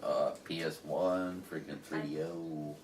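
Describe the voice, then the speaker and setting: A man's voice: extremely low pitch, fairly even intonation, slow, a little mellow. A man hosting a podcast, chatting loosely about games, swearing and laughing often. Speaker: podcast host. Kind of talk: casual chat. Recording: roomy, distant mic, faint noise.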